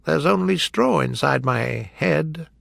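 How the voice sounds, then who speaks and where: A man voicing a friendly, timid male scarecrow made of straw, speaking gently and with a stammer. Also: on the high side, expressive, slow, creaky, no echo, clean studio sound, pitched above the performer's own voice, full character voice. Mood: sad wondering. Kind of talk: storybook character voice.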